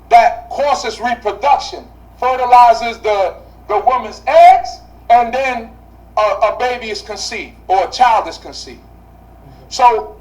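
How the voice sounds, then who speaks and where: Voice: mid-range voice, darkish tone, recorded from a distance, rough recording. A Bible study teacher speaking to a class, asking rhetorical questions and repeating key phrases for emphasis.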